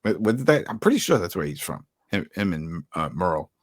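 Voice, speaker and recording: Brooklyn man, low and very lively, animated podcast co-host, dry close sound. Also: a little fast, no room sound. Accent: New York (Brooklyn). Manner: animated, acts out quotes in shifted voices. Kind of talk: casual podcast chat.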